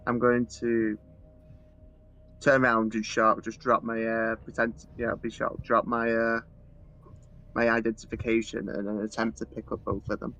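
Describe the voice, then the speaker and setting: A man playing a tabletop game who speaks haltingly and second-guesses himself. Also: medium pitch, completely flat delivery, a bit bright, muffled recording, soft background music. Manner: halting, unsure. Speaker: player.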